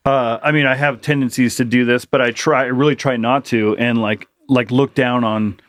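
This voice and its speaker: A man co-hosting a podcast talks in a loose, rambling way, leaning hard on his points and swearing freely. His voice sits at an ordinary middle pitch. It is recorded close and dry, with no room sound. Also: fairly even intonation, moderate pace, dry recording. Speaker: podcast co-host. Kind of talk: casual chat.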